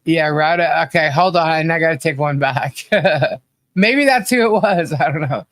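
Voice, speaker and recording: A man's voice: a little high, measured pace, a bit bright, dry recording. A man co-hosting a casual livestream podcast, laughing often and reading the chat aloud with playful chanting. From not from Australia. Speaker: podcast co-host.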